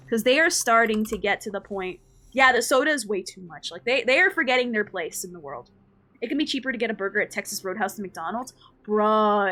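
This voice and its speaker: A woman's voice: on the high side, bright, forceful tone. A woman VTuber streamer in casual live-stream chat, ranting in a slangy way and reading her chat aloud. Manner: slangy, says "bruh" often.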